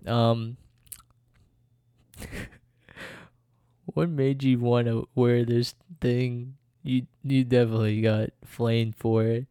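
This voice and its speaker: A man's voice: medium pitch, flat delivery, takes it slowly, long pauses, mellow, clean tone, no room sound, studio quality. A young man hosting a casual solo podcast, rambling, laughing often and correcting himself as he goes. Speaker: podcast host.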